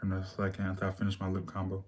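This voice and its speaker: A man's voice: sits low, completely flat delivery, rapid-fire. A man hosting a makeup livestream, answering viewer questions in blunt, sassy casual chat.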